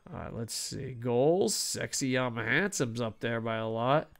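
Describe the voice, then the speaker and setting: A man's voice: mid-range voice, expressive, unhurried, vocal fry, a bit bright. Guy streaming a hockey game, swears a lot, voice jumps all over, talks to himself. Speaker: gaming streamer. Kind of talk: casual gameplay commentary.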